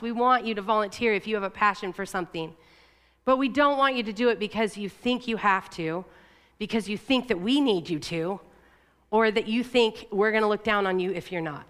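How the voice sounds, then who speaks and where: A woman's voice: a little high, fairly bright tone. Conversational woman preaching in a reverberant hall. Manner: conversational, candid, with fillers and self-corrections. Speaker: church leader. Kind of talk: sermon.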